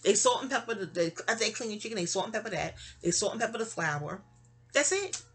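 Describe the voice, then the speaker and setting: Husky New woman rambling sleepily. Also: mid-range voice, very animated, fast talker, a bit bright. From New York City. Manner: rambling, chatty, with frequent restarts and asides. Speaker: vlogger. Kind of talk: casual storytelling monologue.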